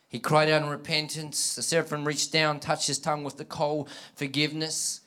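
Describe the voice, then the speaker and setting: Animated male preacher rallying a congregation. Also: on the high side, moderate pace. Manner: animated, call-and-response with the congregation; acts out quoted dialogue in scripture. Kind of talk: sermon.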